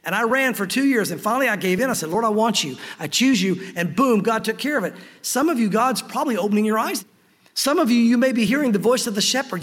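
A pastor preaching a sermon earnestly, slowing down to stress key phrases. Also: male voice, high-pitched, in a large hall.

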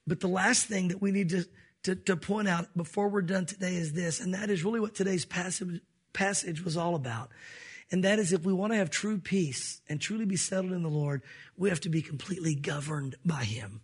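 A man's voice: high-pitched, fairly quick, husky. A man preaching a sermon as pastor, emphatic and conversational with light jokes.

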